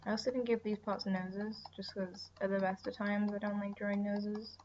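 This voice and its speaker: A woman's voice: medium pitch, level tone, normal speed. Brief: young woman, drowsy and chatty, rambling drawing commentary, slightly dull mic with faint hiss. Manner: rambling, chatty, drifts into soft whispers and sighs. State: tired, yawning. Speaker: artist streaming her drawing.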